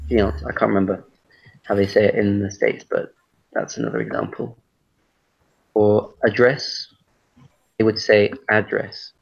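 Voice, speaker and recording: A British man teaching an online English class, relaxed and hesitant, with many fillers and restarts, heard over a video call. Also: on the low side. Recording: muffled lo-fi call audio.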